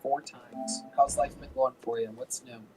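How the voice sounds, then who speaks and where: A man's voice: mid-range voice, flat delivery, normal speed, faint music behind, rough recording. A man hosting a live comedy show, trading loose, joking banter with a guest comedian.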